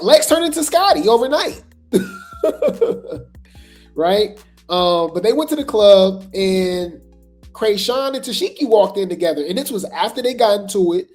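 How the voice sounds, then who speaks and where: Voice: mid-range voice, a little mellow. A host giving casual commentary, rambling with lots of fillers, repeated words and chatty asides to viewers.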